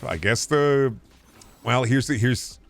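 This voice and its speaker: A man's voice: mid-range voice, takes it slowly, soft background music. A man streaming a video game, chatting casually with viewers, joking, rambling and swearing now and then. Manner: answers chat questions while playing.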